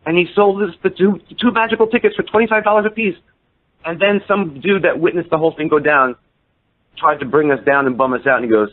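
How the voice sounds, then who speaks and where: A man's voice: fairly high pitch, fast. A man in his fifties, a podcast guest, telling a story casually and acting out the people he quotes with shifts in his voice. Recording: tinny phone-line sound.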